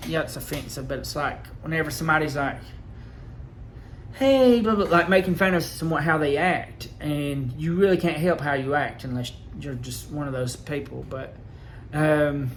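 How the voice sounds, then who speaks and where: A man recounting his experience in a rambling, aggrieved way, halting with fillers. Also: on the high side, slight background noise. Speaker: vlogger. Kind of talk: casual personal storytelling.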